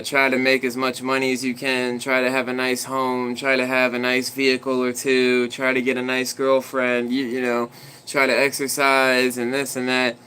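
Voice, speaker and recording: A man's voice: medium pitch, fairly bright tone, a little hiss or hum, low-quality recording. A man livestreaming, telling a story in a rambling, conversational way and talking to his dog.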